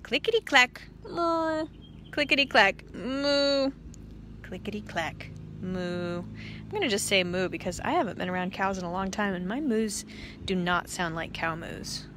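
A woman priest reading a picture book aloud to children, animated and expressive, with playful sound effects. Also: on the low side, normal speed, a little hiss or hum.

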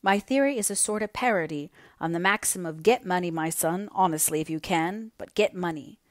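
A woman's voice: lowish voice, fairly quick, dry recording, studio quality, lightly acted. A woman reading the lines of an impatient, hearty young naval officer, the heroine's brother, in a story, urging and coaxing with energy.

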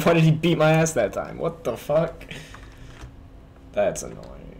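This gamer's medium-pitched voice swoops wildly as he speaks at a measured pace with vocal fry, amid slight background noise. Frustrated, he curses and trash talks the game while game music and keyboard clicks play under him.

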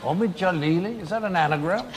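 A man hosting a comedy show, giving dry, ironic, deadpan stage introductions. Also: sits high, fast talker. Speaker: show host introducing acts. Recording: heavy background noise.

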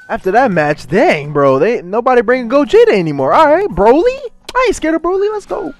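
A young man giving excitable gameplay commentary and trash-talking his opponent. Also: very high-pitched, fairly quick, hardly any pauses, soft background music. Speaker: gaming YouTuber.

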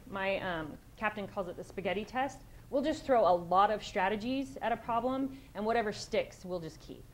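A woman's voice: medium pitch, slight background noise, rough recording. A woman police sergeant giving a conversational conference presentation, direct and plain-spoken, with frequent restarts.

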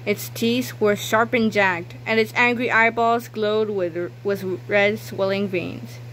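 Lively storybook narrator, woman, bright tone, middle pitch. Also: takes it slowly, a little hiss or hum. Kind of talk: children's book read-aloud.

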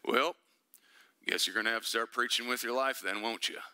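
A man putting on the voice of a laid-back older Southern mentor, speaking with a Southern US accent and a slow, dry drawl. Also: medium pitch, bright, forceful tone, clear, resonant tone, voice pushed down.

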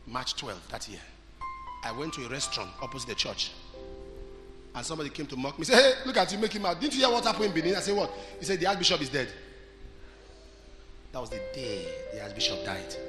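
Pastor preaching, high and lively. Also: male voice, echoey room, long reverb tail. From Nigeria. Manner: storytelling that builds to shouted declarations. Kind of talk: sermon. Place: large church hall.

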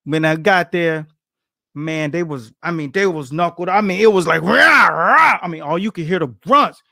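A man's voice: on the high side, normal speed, fairly bright tone, dry recording, clean studio sound. A middle-aged man, a boxing coach, tells stories in a casual interview, acting out quotes and laughing often.

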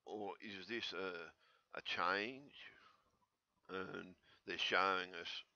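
A middle-aged man rambling excitedly in a solo vlog, repeating his questions as his voice jumps up high. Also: very slow, gravelly, dry recording, muffled recording. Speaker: conspiracy vlogger.

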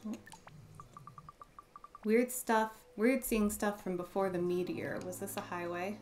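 A woman giving casual let's play commentary in quiet, muttered asides. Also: mid-range voice, unhurried.

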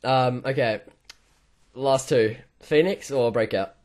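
A young man hosting a gaming channel, chatting casually while opening cases, swinging between mumbles and excited yelps. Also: mid-range voice, slow. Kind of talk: casual case-opening commentary.

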